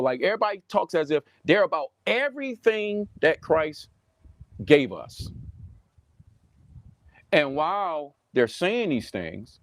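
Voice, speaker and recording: Man, Southern US accent, pastor, livestream sermon, animated, repetitive, lively pitch, dry close sound. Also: normal speed, no echo. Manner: animated, preachy, mocking impressions, repeats himself. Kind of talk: preaching commentary to camera. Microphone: webcam or phone on a desk, livestream.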